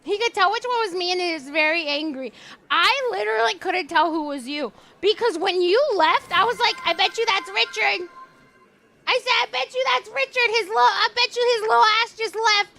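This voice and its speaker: A young woman streaming a game, chatting in a lively way, laughing often and swearing freely. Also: extremely high pitch, a little fast, gravelly. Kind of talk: casual chat while streaming a game.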